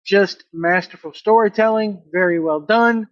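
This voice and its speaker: Male wrestling reviewer, high voice, blunt and opinionated, dry, dull-sounding home recording. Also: measured pace, no echo. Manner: blunt, opinionated, animated play-by-play recap. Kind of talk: casual solo review.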